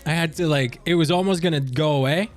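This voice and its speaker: A man's voice: a little high, quick pace. A young man streaming from Canada, chatting casually with viewers, rambling and swearing as he reads chat aloud. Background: faint music.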